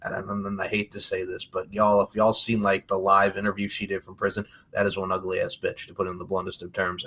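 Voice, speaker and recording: A man's voice: low voice, monotone, fast talker, hardly any pauses, sharp tone. A man hosting a casual podcast chat, blunt and profane, given to heated rants. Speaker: podcast host.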